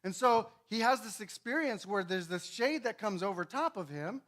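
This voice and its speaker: A male pastor with a high, bright voice preaches in a church. He teaches conversationally and keeps checking that his listeners follow him. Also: lively intonation, moderate pace. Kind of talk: sermon.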